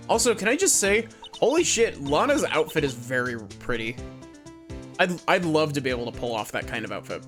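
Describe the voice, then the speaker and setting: A young woman streamer making chatty, halting asides while playing a game, over game music. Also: sits low, sing-song. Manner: chatty, hesitant asides, trailing off. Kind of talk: casual livestream commentary.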